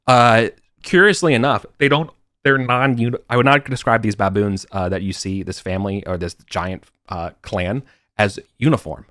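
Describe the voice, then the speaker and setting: A man's voice: fairly low pitch, brisk, a bit bright, no echo, clean studio sound. A man running a tabletop game over an online voice call, talking casually and correcting himself as he goes. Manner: rambling, self-correcting, casual. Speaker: game master.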